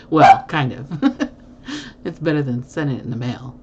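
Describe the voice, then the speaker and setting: A low-pitched woman hosts a casual livestream, answering viewer comments in a rambling, teasing way with plenty of fillers and laughter. The audio is muffled and lo-fi, with a faint hiss underneath. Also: sing-song, takes it slowly, a little mellow. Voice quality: chatty, rambling with many fillers. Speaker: livestream host.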